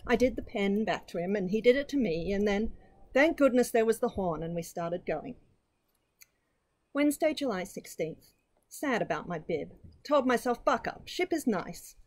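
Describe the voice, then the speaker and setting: A woman reading a short story aloud, giving clipped diary entries an expressive delivery. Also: medium pitch, normal speed, low-quality recording. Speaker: reader.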